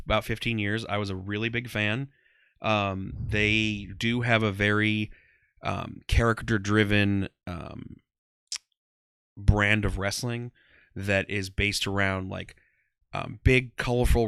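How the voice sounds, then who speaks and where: Guy in his 30s chatting loose on a podcast, bright crisp voice, dry close mic, lots of ums. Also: on the low side, no echo. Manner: rambling, heavy on "um" and "like". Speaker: guest, comedian and former ring announcer. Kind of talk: casual interview chat.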